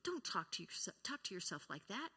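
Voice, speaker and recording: A woman's voice: medium pitch, big pitch swings, moderate pace, pushed and bright, slightly rough, big-room sound. An older woman speaking at a church service, teaching in an earnest way and acting out short sample conversations. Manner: earnest, acts out sample dialogue. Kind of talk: sermon teaching.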